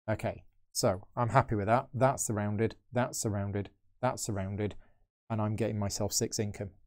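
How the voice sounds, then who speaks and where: Mellow-voiced man thinking aloud. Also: on the low side, fairly even intonation, normal speed. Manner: chatty, thinking aloud while moving pieces. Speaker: board game channel host. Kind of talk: live solo board game playthrough commentary.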